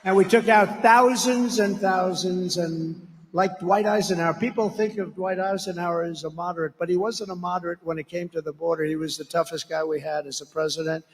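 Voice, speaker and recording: A man's voice: sits high, steady tone, fairly quick, slight background noise. Blunt rambling man at a rally. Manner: blunt, rambling, name-calling, with asides to the crowd. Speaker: political candidate. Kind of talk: campaign rally speech. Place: large rally venue. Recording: echoey rally hall reverb.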